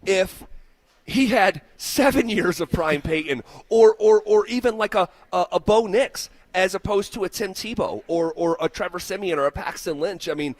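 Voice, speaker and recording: In a studio, a male sports radio host chats casually and reads listener texts aloud with real feeling, dropping in fillers. His voice is high and his speed normal, picked up on a studio microphone with no room sound.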